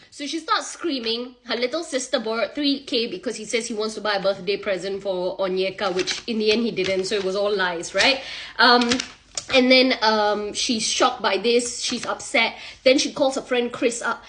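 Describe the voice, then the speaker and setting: A young woman telling a gossip story casually on social media, sassy and animated, acting out the quoted lines. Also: medium pitch, moderate pace.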